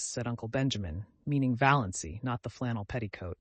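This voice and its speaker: A man's voice: normal speed, hardly any pauses, slightly rough, no room sound. A man narrating a novel as an audiobook reader, lifting his voice for the quoted family members. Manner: raises pitch and volume for quoted family members. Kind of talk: scripted narration.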